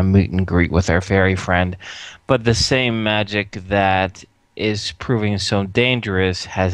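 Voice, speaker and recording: A man playing in a tabletop game, wry and relaxed, with a lowish voice. The recording is close and dry. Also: no echo. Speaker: player. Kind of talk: casual tabletop game chat.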